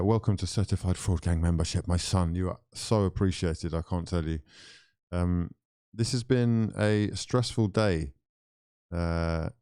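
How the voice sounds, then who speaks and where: A man's voice: sits low, warm tone, clear, resonant tone, no echo, studio quality. A man hosting a football call-in stream, teasing his callers and calling them frauds in casual banter. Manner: teasing, calls callers frauds, quick offhand remarks.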